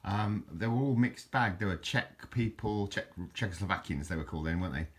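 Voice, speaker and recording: A man's voice: low-pitched, a little fast. A man chatting casually in a show-and-tell vlog, rambling, correcting himself and stumbling over foreign words. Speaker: vlogger showing his bottle collection.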